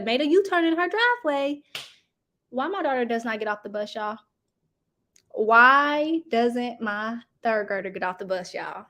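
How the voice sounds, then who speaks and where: A woman, telling a story to her viewers in a casual, animated way and acting out the people in it. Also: a little high. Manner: animated, talks straight to viewers, acts out quoted people. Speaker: host.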